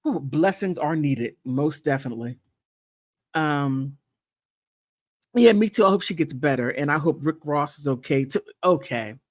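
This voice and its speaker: A woman hosting a casual livestream, chatting playfully and thanking viewers, with high laughs and quiet, sincere asides. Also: expressive, moderate pace, no echo, studio quality. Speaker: content creator hosting a livestream. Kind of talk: casual livestream chat reacting to gossip and viewer comments.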